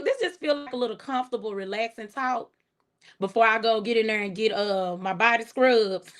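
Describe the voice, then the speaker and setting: A middle-aged woman with a Texas accent, chatting casually on her livestream, relaxed and soft-spoken, laughing as she reads viewer comments aloud. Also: fairly high pitch. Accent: Texan. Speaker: livestream host.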